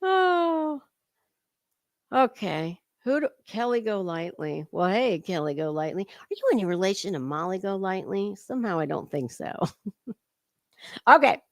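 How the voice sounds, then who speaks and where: A woman's voice: mid-range voice, lively intonation, measured pace, no room sound, clean studio sound. A woman hosting a casual livestream commentary, chatty and swearing freely as she greets her chat viewers by name.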